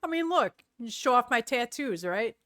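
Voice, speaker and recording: A woman's voice: a little high, lively intonation, normal speed, a bit bright, dry recording, studio quality. A middle-aged woman streaming live, chatting casually with viewers in a rambling way and often searching for words.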